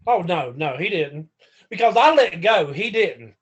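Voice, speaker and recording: A man, a former pro wrestler, telling stories as a podcast guest in a casual, profane, animated way that acts out the quotes. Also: high-pitched, unhurried, slightly rough, lo-fi sound. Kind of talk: casual storytelling.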